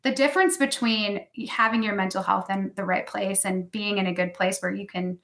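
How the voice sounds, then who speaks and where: A woman's voice: medium pitch, steady tone, normal speed, a bit bright. A woman in her thirties, a podcast guest telling candid personal stories in casual chat, often saying "like". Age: 30s. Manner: candid storytelling, heavy use of "like". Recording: echoey room.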